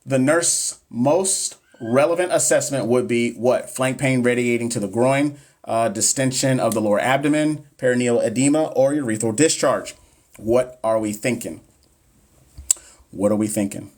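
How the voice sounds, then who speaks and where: A man's voice: mid-range voice, normal speed, darkish tone. A man in his thirties coaching nursing exam questions on a casual live stream. He jokes with viewers, talks right to them and stumbles over long medical terms. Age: 30s.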